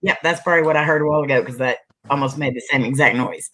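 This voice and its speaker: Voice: medium pitch, very fast. A host in a casual interview, reading viewer questions aloud and answering with short agreeing replies. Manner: relaxed, reads out chat questions, brief agreeing replies.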